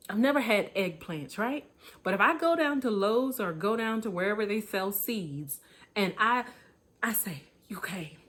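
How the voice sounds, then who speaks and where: A woman giving a motivational talk in a preaching style, emphatic and colloquial, repeating her points and chuckling now and then. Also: mid-range voice. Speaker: motivational speaker.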